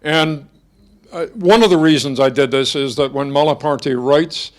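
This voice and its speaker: An older man giving a reflective masterclass talk, thoughtful and halting, with frequent restarts and fillers as he searches for words. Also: a little high. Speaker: guest speaker giving a masterclass. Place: lecture hall before an audience.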